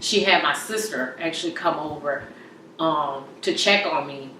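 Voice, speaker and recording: Lowish-voiced woman, halting teary testimony, far from mic, roomy echo. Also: a little hiss or hum. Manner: halting, tearful storytelling, voice dropping very soft at times. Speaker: interview guest. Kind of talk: emotional personal testimony.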